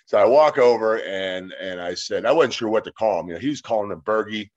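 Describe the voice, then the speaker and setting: Man, fifties, low voice, rambling anecdotes, filler words, a bit muffled. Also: animated, a little fast, darkish tone. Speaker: interview guest. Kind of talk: casual storytelling. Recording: slightly dull lo-fi sound.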